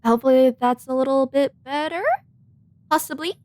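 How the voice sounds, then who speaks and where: A woman's voice: high voice, steady tone, moderate pace, darkish tone, dry recording. A woman streamer giving playful, giggly commentary while she plays a game and talks back to the characters. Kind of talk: casual gameplay commentary. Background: faint game music.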